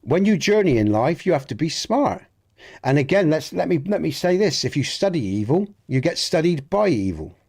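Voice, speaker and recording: A man's voice: on the high side, very animated, normal speed, a little mellow, husky. A middle-aged man with a Dorset accent, chatting casually and earnestly on a gaming live stream, often restarting his sentences and greeting viewers in the chat. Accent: Dorset English. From southwest England. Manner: rambling and earnest, many restarts, speaks to chat by name.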